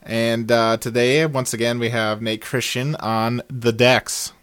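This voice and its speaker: A man's voice: mid-range voice, measured pace, smooth, no echo. Jokey male podcast host, dry sound. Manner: relaxed, jokey, lots of ums. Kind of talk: casual movie review podcast chat.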